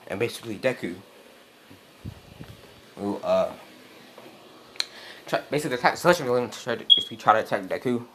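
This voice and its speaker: A man's voice: mid-range voice, expressive, fairly quick, pauses often, very noisy. A man casually retelling a fan story, rambling and swearing as he goes. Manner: rambling, leans on "basically" and swearing. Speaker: channel host. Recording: roomy echo.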